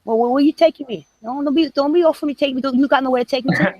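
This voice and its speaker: A woman in casual voice chat, sassy and quick with comebacks. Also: high-pitched, warm tone, dry recording, lo-fi sound. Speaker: chat room participant.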